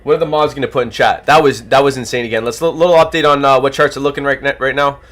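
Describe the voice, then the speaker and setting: A livestream host who is losing his voice, calling a giveaway race with animated, rapid play-by-play. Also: medium pitch. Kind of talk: excited duck-race commentary on a livestream.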